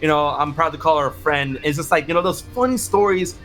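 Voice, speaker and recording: Upbeat, bright-voiced man telling stories. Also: fairly high pitch, soft background music. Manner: animated, fast, many restarts and quoted exclamations. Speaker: interview guest, content creator. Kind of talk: casual storytelling interview.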